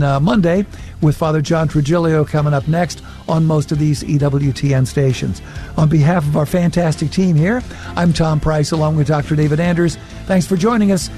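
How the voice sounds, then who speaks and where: A man's voice: fairly high pitch, warm tone. A man hosting a Catholic radio call-in show, easygoing, reading out listener emails and the sign-off. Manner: easygoing, reads emails and sign-offs smoothly. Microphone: studio microphone.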